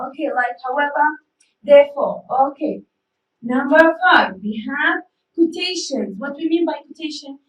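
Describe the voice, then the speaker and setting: A woman's voice: high-pitched, recorded from a distance. A woman whose first language is Arabic teaches an English lesson, repeating key words and asking the class rhetorical questions. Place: school studio. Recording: echoey room, voice from off-mic.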